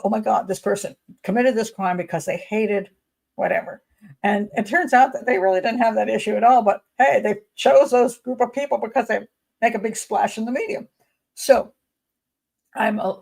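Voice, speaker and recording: A woman criminal profiler hosts a casual livestream chat. Her gravelly voice sits at a middling pitch. She talks emphatically and wanders off on tangents as she thinks aloud. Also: a little mellow. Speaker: criminal profiler hosting a patron hangout.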